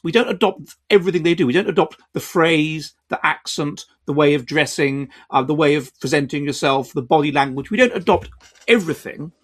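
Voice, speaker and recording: A man hosting an educational video, explaining in a measured, lecturing way with restarts and quiet asides. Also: fairly high pitch. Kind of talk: explanatory talk to camera.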